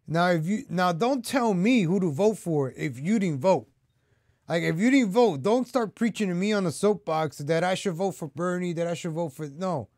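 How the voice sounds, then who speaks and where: Man, fairly high voice, heated vlog rant, repeats himself, dry close sound. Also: animated, normal speed, a little mellow, no room sound. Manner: heated and repetitive, talks straight to viewers. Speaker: political commentary vlogger. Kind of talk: ranting opinion vlog.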